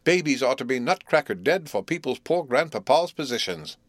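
A man's voice: medium pitch, big pitch swings, fairly quick, dry recording, pitched above the performer's own voice. A man voicing a bewildered, desperate father who bursts out in exasperation. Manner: exasperated outbursts.

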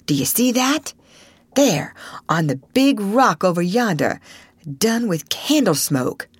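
A woman's voice: medium pitch, very animated, takes it slowly, husky, dry recording, pitched above the performer's own voice, heavily acted. A woman voicing a bold, scheming boy who leads adventures, speaking in an eager folksy dialect. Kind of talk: audiobook character reading.

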